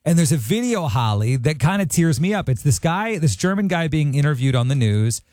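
High-voiced, dry-sounding radio host man. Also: brisk, no echo. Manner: animated storytelling, voice jumps up when excited. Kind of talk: morning radio banter. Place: radio studio. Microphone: studio mic.

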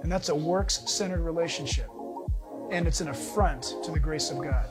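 A male pastor delivering a lively sermon, urging and joking with his listeners. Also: fairly high pitch, normal speed, over loud music. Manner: animated, preachy, joking asides.

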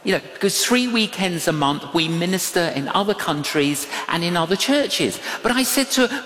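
A man preaching a sermon, telling stories in an animated way that swings from hushed to loud. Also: high-pitched, normal speed, hardly any pauses, a little hiss or hum. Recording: echoey hall with long reverb.

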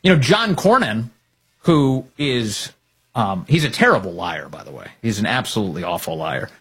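Animated, sarcastic male political commentator. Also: lowish voice, normal speed, slightly rough.

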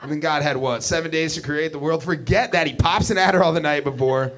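A man's voice: on the high side, quick pace, crowd noise. A man doing a wry, conversational stand-up set with sarcastic asides. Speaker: stand-up comedian.

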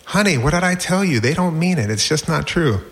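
Brief: man doing a tender young mom, raised pitch, coaxing sing-song delivery. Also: lively intonation, fairly quick, fairly bright tone. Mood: soothing. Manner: high, sing-song reassuring tone. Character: gentle, soothing young mother comforting her son.

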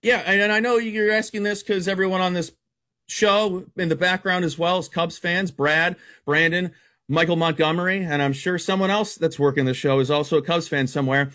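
A man with a high voice talks sports betting as a guest, blunt and brash. He reels off stats in a quick, competitive stream. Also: steady tone, bright, forceful tone. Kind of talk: fast stat-heavy sports betting talk.

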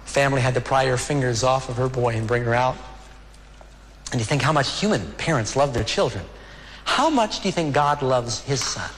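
A man preaching a sermon as a pastor, earnest and emotional, slowing down for dramatic pauses. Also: medium pitch, a bit bright, big-room sound, slight background noise.

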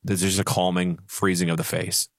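A man who is a financial advisor on a radio show, telling animated stories and laughing easily. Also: sits low, moderate pace, dry recording, clean studio sound. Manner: animated storyteller, acts out little voices, laughs easily.

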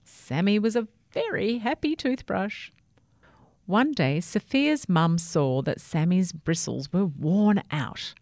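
A woman, narrating a children's story in a gentle, expressive way. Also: medium pitch, slow pace, no room sound, clean studio sound.

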